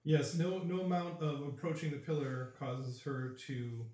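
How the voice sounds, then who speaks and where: A man narrating as game master in a tabletop game, describing scenes in a relaxed, easygoing way. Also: a little high, a little slow, far from the mic. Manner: relaxed, with fillers and restarts while describing. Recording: roomy echo.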